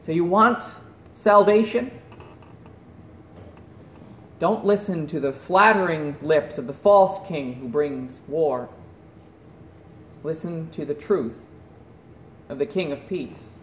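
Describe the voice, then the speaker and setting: A man preaching a sermon in an earnest voice that drops to a hush at solemn points. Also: a little high, slow, pauses often, reverberant. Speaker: pastor.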